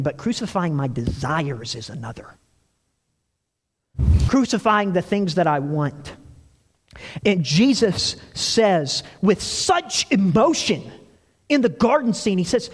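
A man preaching a sermon, telling stories with animated delivery and acting out quoted lines. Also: sits high, big-room sound. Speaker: pastor.

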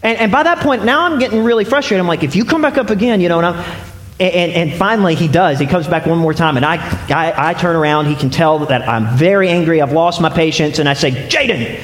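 A young man delivers a sermon in a fairly high voice, telling a personal story and then asking his listeners questions one after another. His voice rings out through a large, echoing hall with a long reverb tail. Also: fast, hardly any pauses. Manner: storytelling, asks the audience questions. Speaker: preacher.

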